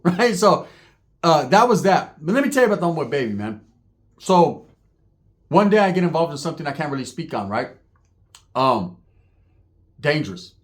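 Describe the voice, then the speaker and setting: A man's voice: on the high side, lively intonation, fairly quick. A man telling street stories in a casual, profane, slang-heavy way, acting out the voices of the people in them. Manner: acts out voices, laughs while telling. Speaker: storyteller on his own channel.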